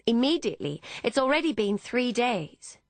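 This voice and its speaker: A woman doing an anxious young gentlewoman. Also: a little high, very animated, normal speed, dry recording, pitched above the performer's own voice. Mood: urgent. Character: anxious young upper-class English woman.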